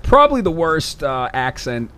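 A young man giving casual, sarcastic commentary over his own shooter gameplay, swearing and breaking into excited outbursts. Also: medium pitch, normal speed, slight background noise.

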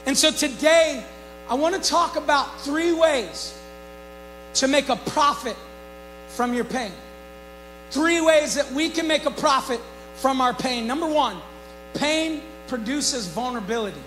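A male pastor preaching a sermon, swinging between hushed reflection and shouted emphasis. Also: extremely high pitch, unhurried, pauses often, soft background music, low-quality recording. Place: church.

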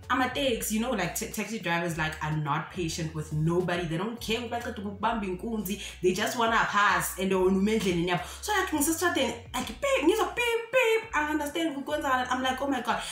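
A woman's voice: mid-range voice, fairly bright tone. A young South African woman with a South African accent, telling a personal story in a chatty, casual way full of fillers. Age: young adult. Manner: chatty, mixes English with local phrases, lots of fillers. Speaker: YouTuber. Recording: roomy echo with faint background music.

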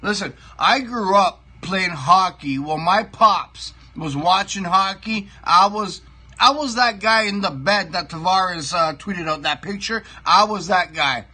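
A man's voice: high voice, unhurried, pushed and bright, breathy edge. A middle-aged man, hosting a comic sports show and ranting with lots of swearing while he eats. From Toronto, Canada. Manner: profane, ranting, repeats himself; talks while eating pie. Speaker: show host.

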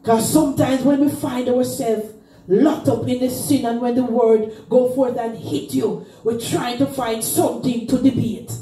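A woman's voice: a little high, fairly even intonation, measured pace, mellow, soft background music. A woman pastor preaching a fervent sermon, chanting and crying out in rising sung phrases. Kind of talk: Pentecostal sermon. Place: church. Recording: roomy church sound from far off.

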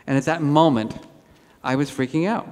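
A man giving a lively conference keynote, telling animated self-deprecating stories on stage. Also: fairly high pitch, normal speed. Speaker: keynote speaker. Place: large auditorium. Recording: hall reverb.

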